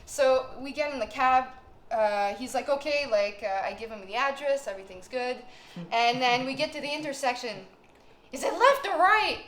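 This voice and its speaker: A woman's voice: high-pitched, normal speed. Young woman podcast co-host, chatty and laughing, echoey room recording. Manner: animated, laughing storyteller full of "like". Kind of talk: casual storytelling chat. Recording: echoey room, faint noise.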